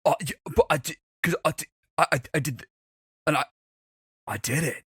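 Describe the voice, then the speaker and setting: A man's voice: fairly high pitch, normal speed, pushed and bright, husky, dry recording, studio quality, full character voice. A man playing a stammering, flustered adventurer. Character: flustered young male adventurer, cocky.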